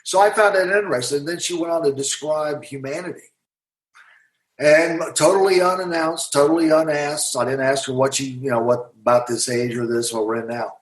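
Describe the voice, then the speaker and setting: A man's voice: fairly high pitch, steady tone, normal speed. A man, a guest author and hypnotherapist, recounting a client's session in an interview and voicing both sides of the exchange. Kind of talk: storytelling in a podcast interview. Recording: roomy echo.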